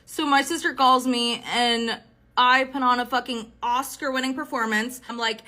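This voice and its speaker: A young woman telling a dating horror story in a casual, animated way, full of fillers and swearing. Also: a little high, normal speed.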